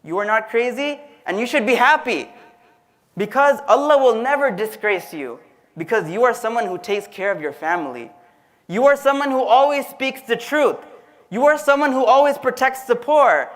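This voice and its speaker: A man in a religious talk voicing a calm, devoted wife who speaks softly and reassuringly. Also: very high-pitched, normal speed.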